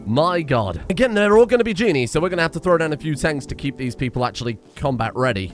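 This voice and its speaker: A man giving casual gameplay commentary, excitable and often laughing, talking to the characters on screen. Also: fairly high pitch, fast talker, hardly any pauses, faint music behind. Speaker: gaming video creator.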